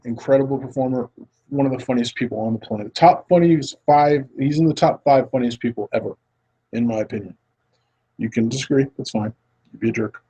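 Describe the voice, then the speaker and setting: Man, husky voice, mid pitch, casual film podcast host, rambling, earnest. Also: warm tone, rough recording. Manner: rambling, earnest, chatty with frequent restarts.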